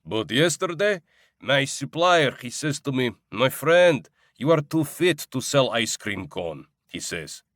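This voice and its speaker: A man's voice: mid-range voice, sing-song, unhurried, fairly bright tone, no echo, clean studio sound, pitched above the performer's own voice. A man voicing a burly, superstitious male ice cream vendor in his forties with a Russian accent and broken English, in an audiobook. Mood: boastful. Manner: broken English, earnest, fatalistic. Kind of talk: audiobook character voice.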